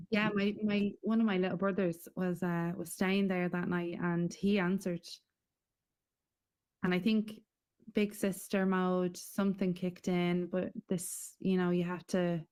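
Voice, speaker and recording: Low, flat-voiced Irish woman, halting. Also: clear, resonant tone. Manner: halting and emotional, with frequent pauses and fillers. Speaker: guest. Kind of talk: personal testimony in an interview.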